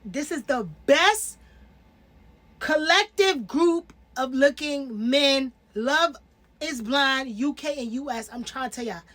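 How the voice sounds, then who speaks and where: A woman in her twenties giving casual, animated commentary as a reality TV reviewer, slangy and emphatic. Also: high-pitched, takes it slowly. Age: 20s.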